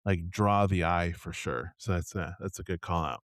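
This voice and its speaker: A man co-hosting a podcast in casual chat, halting and restarting often. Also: deep voice, dry recording, studio quality. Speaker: podcast co-host.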